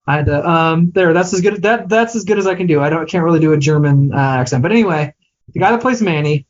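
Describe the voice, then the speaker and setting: This podcast co-host talks fast in a fairly high, lively voice, with the highs cut off. He chats casually about films, hesitant and self-deprecating, often restarting his sentences.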